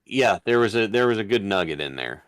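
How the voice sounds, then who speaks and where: A man's voice: on the low side, expressive, brisk, smooth, no room sound, clean studio sound. A man on a casual podcast, mostly adding short agreements. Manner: brief agreeing interjections. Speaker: podcast co-host.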